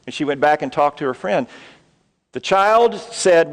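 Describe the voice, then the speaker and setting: Slightly high in pitch, a middle-aged pastor's voice trails off into long reverb as he preaches in a church auditorium. His sermon unfolds as a story punctuated by pauses and remarks aimed at the congregation.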